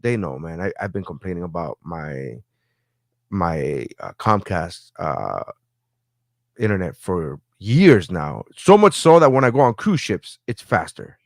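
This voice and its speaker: A man's voice: low voice, big pitch swings, unhurried, creaky, no room sound, studio quality. A man co-hosting a podcast, telling a story with lots of swearing and acted-out phone calls. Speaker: podcast co-host. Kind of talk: casual podcast chat.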